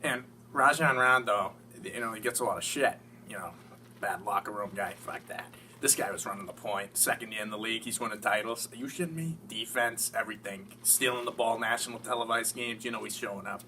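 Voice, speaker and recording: A man from Massachusetts talking as an interviewed sports fan, rambling, profane and excitable. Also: fairly low pitch, brisk, slight background noise. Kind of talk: casual mock interview. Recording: distant mic with faint ambience.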